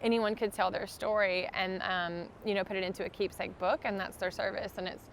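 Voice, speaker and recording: A woman's voice: mid-range voice, steady tone, a little fast, slight background noise. A young woman, a podcast guest in the middle of chemotherapy, telling her story in an earnest, heartfelt way, full of "um" and "like". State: undergoing chemotherapy. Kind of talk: casual interview storytelling.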